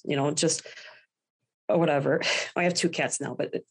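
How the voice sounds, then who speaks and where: A woman's voice: low voice, normal speed, long pauses, slightly rough. A woman guest speaking candidly in a podcast interview, often quoting her own past thoughts. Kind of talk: personal interview.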